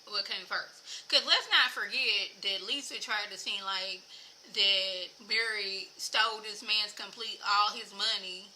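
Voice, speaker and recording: A woman with a very bright, sharp voice gives a casual, opinionated recap straight to her viewers. She talks loosely and directly, and her voice climbs and gets louder when something gets her going. A faint hiss sits under the recording. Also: medium pitch, steady tone, slow pace, rough recording. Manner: chatty and opinionated, addresses viewers as y'all. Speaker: TV show reviewer.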